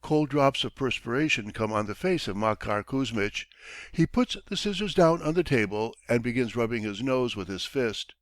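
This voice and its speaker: A man narrating a classic short story in a measured audiobook reading. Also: medium pitch, lively intonation, no echo. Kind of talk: scripted narration.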